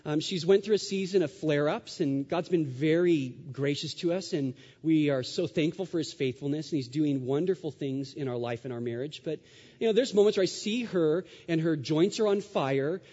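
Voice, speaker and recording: A man's voice: a little high, moderate pace, dark tone, slightly rough. A man preaching a sermon as pastor, emphatic, with rhetorical questions and repeated phrases. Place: church sanctuary. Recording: dull sound with long hall reverb.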